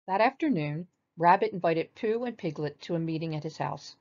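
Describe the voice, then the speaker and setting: An older woman reading a children's storybook aloud in a gentle, expressive manner. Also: sits low, moderate pace, lo-fi sound.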